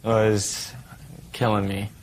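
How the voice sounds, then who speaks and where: A man's voice: lowish voice, completely flat delivery, takes it slowly, darkish tone, slight background noise. A young man testifying in court, giving terse, mumbled short answers. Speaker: litigant.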